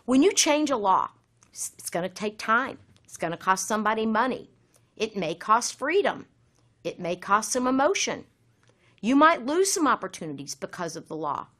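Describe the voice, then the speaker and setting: Woman teacher, lively up-and-down delivery, walks students through a recorded lesson. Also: fairly high pitch, moderate pace. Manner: instructive, lively, direct address to students. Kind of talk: recorded essay-writing lesson.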